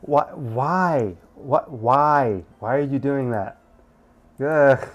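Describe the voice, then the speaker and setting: A man voicing a short-tempered, bratty teenage girl in a visual novel, with shrill, squeaky outbursts. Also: drawn-out words, muffled recording. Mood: flustered angry.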